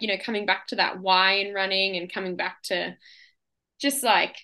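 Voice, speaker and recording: A bright, forward voice belongs to a chatty young woman from Australia, talking as an interview guest. She rambles easily from one thought to the next and laughs often. Her pitch sits in an ordinary middle range. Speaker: guest, ultra runner. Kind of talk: casual interview chat.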